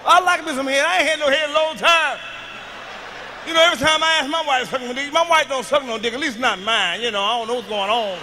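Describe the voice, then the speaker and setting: Man, stand-up comic, high, bright voice, brash and profane, live stage mic with a faint hum behind. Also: quick pace, long reverb tail. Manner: loud, swaggering, profane storytelling with sudden shouts and drops to a murmur. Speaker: stand-up comedian. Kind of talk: stand-up comedy routine. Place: large live venue on stage.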